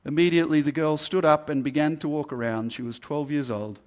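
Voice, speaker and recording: A man's voice: on the high side, fairly even intonation, brisk. A man preaching a sermon, earnest and building emphasis through repeated phrases. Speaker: pastor.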